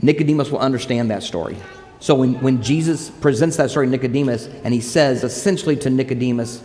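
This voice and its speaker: A man preaching a sermon, telling a scripture story with lively asides and quoted lines. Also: medium pitch, normal speed, slight background noise. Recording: long hall reverb.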